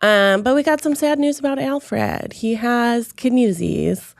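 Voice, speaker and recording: A woman co-hosting a podcast, speaking gently and in a measured way in casual chat. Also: fairly high pitch, creaky, no room sound, clean studio sound. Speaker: podcast co-host.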